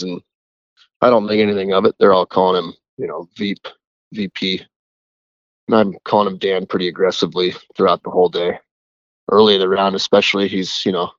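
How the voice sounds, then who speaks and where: A man's voice: low voice, dry recording, dull audio. A man who works as a caddie, telling a rambling story in a casual voicemail. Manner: chatty, rambling.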